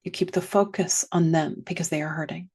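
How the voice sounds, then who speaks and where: A woman teaching a guided reflective lesson, slow and gentle, sometimes dropping to a soft whisper. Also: fairly low pitch, fairly even intonation, slightly rough. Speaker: wellness teacher.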